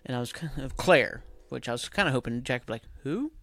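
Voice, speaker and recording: A man's voice: mid-range voice, fast, creaky, a bit bright. A man hosting a podcast, recapping a TV episode in a rambling, casual way full of fillers. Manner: rambling, filler-heavy, acts out characters' lines. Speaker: podcast host.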